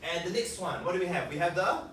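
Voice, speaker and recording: A workshop leader coaching a group through puppetry basics, lively and coaxing, tossing questions out to the room. The voice sits in a middle register. It is caught from across a large, echoey room. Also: mid-range voice, fast talker, a little hiss or hum. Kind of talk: teaching a workshop. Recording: echoey room, picked up from a distance.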